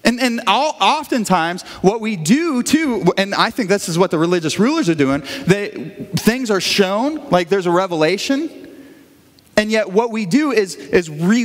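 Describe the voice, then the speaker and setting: A male pastor preaching a conversational sermon, animated and telling stories, acting out the voices of the people in them. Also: high-pitched, normal speed. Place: church sanctuary. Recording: long hall reverb.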